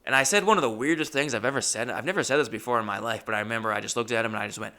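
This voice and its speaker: A male comedian telling a story in an animated, profane, exasperated way. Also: medium pitch, rapid-fire, few pauses.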